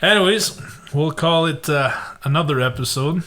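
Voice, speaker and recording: A man co-hosting a podcast in relaxed, casual chat. He teases his friend, keeps asking follow-up questions, and laughs along with him. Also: fairly high pitch, normal speed. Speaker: podcast co-host.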